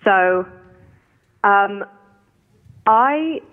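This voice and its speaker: A woman's voice: mid-range voice, lively intonation, drawn-out words. A British woman calling in by phone, candid and self-conscious, often laughing at herself. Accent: British English. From England. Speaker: caller. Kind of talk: phone-in conversation. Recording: tinny phone line.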